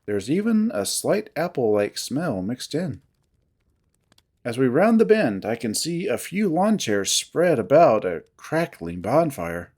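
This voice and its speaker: A narrator giving steady, descriptive first-person narration of a visual novel. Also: mid-range voice, unhurried.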